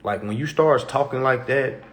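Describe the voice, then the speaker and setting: A man's voice: medium pitch, normal speed. Preachy man on a live stream. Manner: preachy, repetitive, keeps asking "okay?"; acts out other people's doubtful replies. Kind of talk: casual monologue on a live stream.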